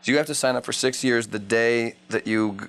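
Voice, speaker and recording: A man's voice: medium pitch, fairly even intonation, a little fast, a bit bright, slight background noise. A man in his thirties, an actor answering interview questions in a wry, rambling way, often restarting his sentences. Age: 30s. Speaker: actor interviewed at a press junket.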